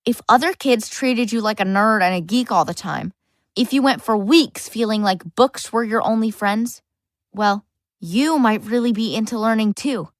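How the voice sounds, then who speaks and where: A woman's voice: a little high, moderate pace, no echo, studio quality, lightly acted. A woman narrating a full-cast audiobook as a lonely, bookish boy, earnest with wry asides. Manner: earnest first-person storytelling, wry asides.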